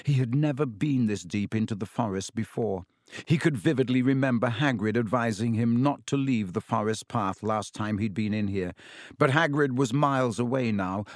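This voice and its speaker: A man reading a children's fantasy novel aloud as an audiobook narrator, steady, measured and suspenseful. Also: mid-range voice, dry recording, clean studio sound. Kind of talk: scripted storybook narration.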